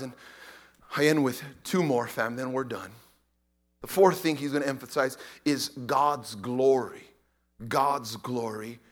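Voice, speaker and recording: High-voiced preacher swinging loud to hushed. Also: male voice. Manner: dynamic, swinging from shouted pleas to hushed whispers; repeats words and phrases for emphasis. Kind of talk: sermon.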